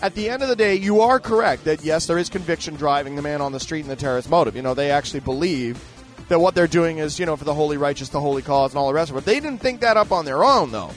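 Rambling man, slightly high voice. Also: fast talker, faint music behind. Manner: rambling, emphatic, full of fillers and restarts. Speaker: host answering listener letters. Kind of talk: casual ranting monologue.

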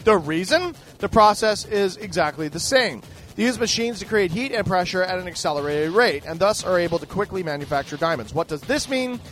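Man, high voice, podcast host, casual profane rant, swears a lot, faint music behind. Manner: animated, swears freely, mock-boastful.

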